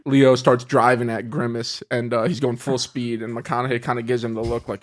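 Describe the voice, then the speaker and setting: A man on a comedy podcast, improvising an absurd story in a rambling, animated way with frequent laughs. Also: medium pitch, moderate pace, few pauses, no room sound. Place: podcast studio.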